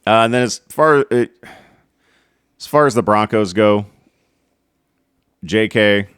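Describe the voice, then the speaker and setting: Low-voiced man joking through fantasy football talk. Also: slow pace, a bit bright, smooth, no room sound, studio quality. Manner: joking, talks through stats aloud. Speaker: podcast co-host. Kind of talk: casual sports chat.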